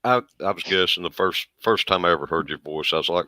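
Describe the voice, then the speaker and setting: Brief: Southern man, very low voice, crisp bright tone, joking and crude, dry close sound. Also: fast, few pauses, no room sound. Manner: joking, crude, laughs often. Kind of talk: casual chat.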